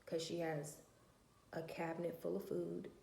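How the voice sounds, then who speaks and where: Blunt low-voiced woman in an echoey room. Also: level tone, unhurried, vocal fry, mellow, a little hiss or hum. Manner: blunt, emphatic, swears freely. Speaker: vlogger, mother of four. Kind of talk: casual storytelling vlog.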